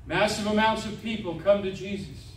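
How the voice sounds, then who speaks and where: A middle-aged man preaching a sermon as a visiting evangelist, animated, with stammered restarts and frequent amens. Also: sits high, moderate pace, far from the mic, slight background noise. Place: church sanctuary. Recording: echoey church, voice from afar.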